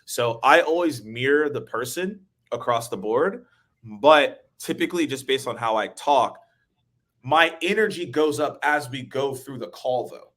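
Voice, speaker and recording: This is a young adult man hosting a casual webinar chat. He talks fast with lively energy and laughs easily. His pitch sits in a plain middle range. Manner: energetic, quick talker who laughs easily. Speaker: webinar host.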